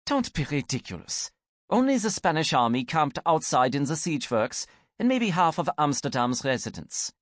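A man's voice: fairly high pitch, very animated, normal speed, dry recording. A blunt young woman answers coolly, with a dry, dismissive edge, as a male audiobook narrator puts her on. Her voice sits raised and moves about freely, in a dry close recording. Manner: dry, matter-of-fact, sniffing. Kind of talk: audiobook character voice.

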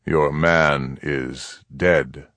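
A man voicing a grave, slow-spoken Apache chief. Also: rumbling low, steady tone, fairly bright tone, no room sound, pitched below the performer's own voice, heavily acted. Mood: grave, measured. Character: stern, measured older Apache chief.

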